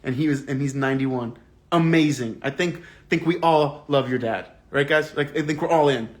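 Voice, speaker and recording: Male book club host, voice on the higher side; casual, animated, fired-up livestream chat with viewers. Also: moderate pace. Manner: animated and indignant, casual swearing and slang. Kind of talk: livestream book discussion, reading viewer comments aloud.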